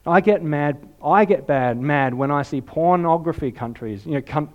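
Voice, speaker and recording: A man preaching a sermon, telling a story in an animated way that swings from hushed to shouting. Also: a little high, moderate pace, lo-fi sound. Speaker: pastor.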